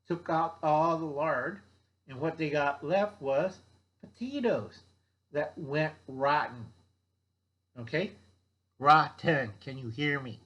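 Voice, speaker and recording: A man's voice: medium pitch, lo-fi sound. An older man giving a blunt, rambling survival lecture, often checking in with "okay?" and mocking people in put-on voices. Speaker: survival vlogger. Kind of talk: rambling instructional monologue.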